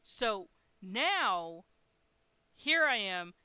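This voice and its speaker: Woman streamer, bright crisp voice, dry close mic, frank chatty storyteller who swears. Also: mid-range voice, big pitch swings, very slow, dry recording. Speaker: live-streaming artist. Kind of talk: casual storytelling on a live stream.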